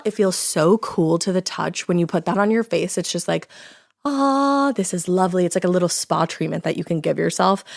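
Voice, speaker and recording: A woman's voice: fairly low pitch, vocal fry, dry recording, clean studio sound. A woman host giving a playful, chatty ad read, calling the listener honey. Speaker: podcast host reading ads. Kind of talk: upbeat ad read.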